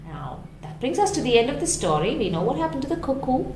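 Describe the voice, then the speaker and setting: A woman's voice: high voice, big pitch swings, fast, darkish tone, roomy sound, slight background noise. A woman reading a children's story aloud as storyteller, with chatty asides to her listeners.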